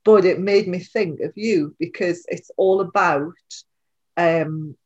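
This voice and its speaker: A woman with a Geordie accent chats on a podcast in her low alto, wandering through her thoughts with plenty of "um" and "you know". She is self-mocking and quick to laugh at herself. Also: a little mellow, muffled recording. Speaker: podcast co-host. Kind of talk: casual chat.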